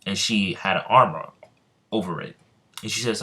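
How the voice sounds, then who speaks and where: A man's voice: fairly low pitch, moderate pace, bright, forceful tone. A young man improvising a fan story casually, rambling with many ums and restarts.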